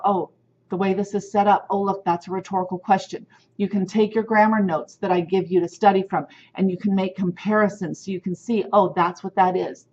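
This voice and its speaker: A woman instructor talks students through what she grades, at an ordinary middle pitch. Her delivery is direct and firm, spelling things out plainly. The recording sounds a little dull and lo-fi. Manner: direct, firm teacherly explaining. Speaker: sign language instructor. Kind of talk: recorded lecture on grading criteria.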